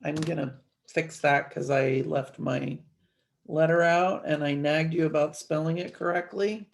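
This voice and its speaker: A woman teacher giving an online grammar lesson from her desk, explaining each step clearly with light playful asides to her students. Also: sits low, fairly even intonation, unhurried. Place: at a desk, screen-sharing a worksheet.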